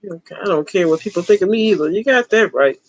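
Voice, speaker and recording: A livestream host in their forties, chatting in a relaxed, easygoing way. They chuckle often and toss out short, repeated replies. The sound is close and dry, with no room echo. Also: medium pitch, fast talker, highs cut off. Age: 40s. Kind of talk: casual livestream chat.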